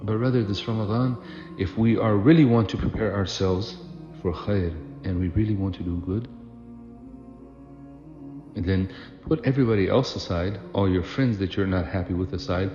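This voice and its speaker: A man's voice: on the low side, fairly even intonation, normal speed, dark tone, highs cut off. A man telling a religious story in a sermon, chatty and loose, with fillers and restarts, recorded in an echoey hall with music behind. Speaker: preacher.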